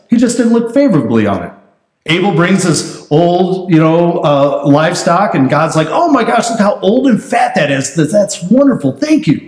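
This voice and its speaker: A man pastor preaching a sermon in a conversational, animated way. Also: fairly high pitch, reverberant. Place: church sanctuary.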